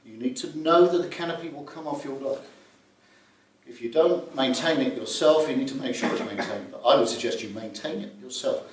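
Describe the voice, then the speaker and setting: A man's voice: mid-range voice, fairly quick. A middle-aged man, a glider pilot, giving a vivid, anecdotal safety briefing and acting out scenes. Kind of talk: spoken safety talk to fellow pilots. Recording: echoey room from far off.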